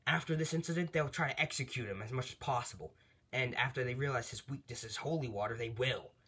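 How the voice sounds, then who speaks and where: A man's voice: medium pitch, quick pace, bright, forceful tone, slightly rough. A man voicing a stern older brother angel who lectures firmly, in a casually retold fan story. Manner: firm, lecturing.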